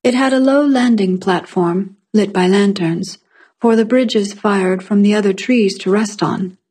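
A woman narrating a fantasy short story in a calm, measured way. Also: mid-range voice, breathy edge. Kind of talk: scripted fiction narration.

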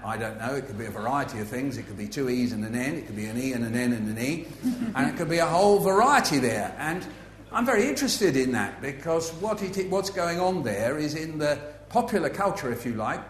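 A man's voice: mid-range voice, slight background noise. Playful man telling anecdotes in a roomy hall. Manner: playful, facetious, anecdotal, lots of asides. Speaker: author giving a talk. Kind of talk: humorous festival talk to a live audience. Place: festival venue with an audience.

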